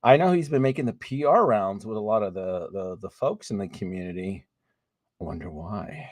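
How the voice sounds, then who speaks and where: A man's voice: lowish voice, moderate pace, no room sound. Chatty man hosting a live stream. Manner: chatty, greets viewers by name, laughs often, trails off into restarts. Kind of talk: casual live stream chat.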